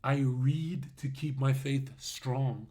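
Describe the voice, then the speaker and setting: A man's voice: mid-range voice, fairly even intonation, slow pace, warm tone. A man streaming live, ranting at his chat in a brash, mocking way, swearing and laughing at his own jokes. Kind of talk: livestream rant.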